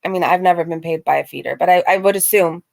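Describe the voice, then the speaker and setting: A woman's voice: fairly low pitch, fast talker, creaky. A woman hosting a reaction video, making sarcastic, mocking remarks and reading out chat comments.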